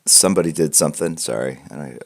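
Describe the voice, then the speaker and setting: Very deep, gravelly-voiced man chatting casually. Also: quick pace. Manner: rambling, joking, full of fillers and restarts. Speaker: host of a live art portfolio critique stream. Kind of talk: casual livestream chat. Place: room at home with piles of comic books. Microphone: wearing headphones.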